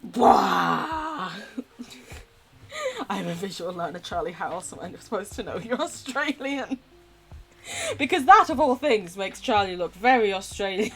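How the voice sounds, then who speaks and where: A woman's voice: mid-range voice, very animated, normal speed, a bit bright, faint music behind. A woman from England with a posh English accent, chatting casually while playing a game on stream, giggly and sweary. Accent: posh southern English. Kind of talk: casual live-stream chat while gaming.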